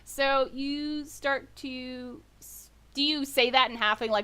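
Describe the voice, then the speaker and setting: A woman's voice: sits high, steady tone, takes it slowly, bright, forceful tone. A woman narrating a tabletop game as game master, rambling and correcting herself as she goes. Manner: rambling, self-correcting, laughs often.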